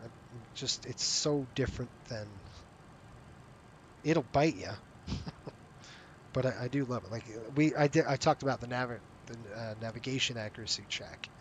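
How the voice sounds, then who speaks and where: Tired and yawning, a man running a virtual airline in a flight simulator drifts between thoughts and breaks off sentences, speaking to viewers as friends and calling them "you guys." His voice is mid-pitched at a moderate pace with frequent pauses, over a faint low rumble.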